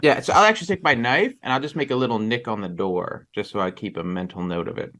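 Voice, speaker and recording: A man's voice: fairly low pitch, fast talker, pushed and bright, slight background noise. A man playing a tabletop game who chats hesitantly. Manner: hesitant, chatty. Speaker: player. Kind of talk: casual game chat.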